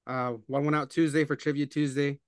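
A man's voice: a little high, little pitch movement, fairly quick, clear, resonant tone, no echo, studio quality. A young man hosting a casual podcast with friends, teasing them in loose banter full of fillers. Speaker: podcast host.

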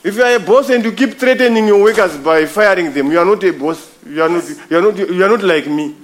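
A man's voice: sits high, fast talker. A man preaching a sermon, emphatic and repetitive, calling his listeners brother. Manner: emphatic, repeats phrases, addresses listeners as brother.

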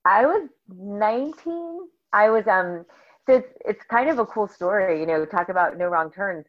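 A middle-aged woman from northern New Jersey, a bubbly, animated guest telling stories in a casual interview. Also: medium pitch, normal speed. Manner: bubbly, animated storyteller who acts out quotes. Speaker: podcast guest. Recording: slightly dull lo-fi audio.

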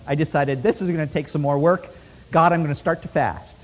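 A man preaching a sermon as a lively story, laughing often and swinging from loud bursts to hushed asides. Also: a little high, a little fast. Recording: long hall reverb.

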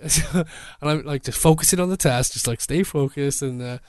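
A man, a photographer telling a lively story in casual chat and laughing often. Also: fairly high pitch, moderate pace, smooth, no echo, studio quality. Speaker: photographer guest.

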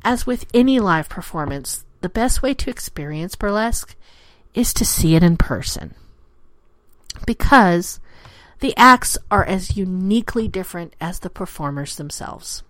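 A woman hosts her own podcast in a playful, theatrical manner, now and then sinking to a whisper to stress a point. Her voice sits a little low but swings widely in pitch. The sound is close and dry, with no room around it. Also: expressive, a little slow, a bit bright, no room sound. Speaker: podcast host. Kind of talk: scripted solo show talk.

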